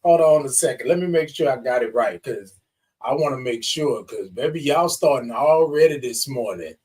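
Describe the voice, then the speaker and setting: A man's voice: mid-range voice, lively intonation, normal speed, darkish tone, recorded from a distance. A man hosting a morning livestream, calling viewers y'all and baby and singing out long good mornings. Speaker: host of a morning livestream show. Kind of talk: lively livestream greeting viewers.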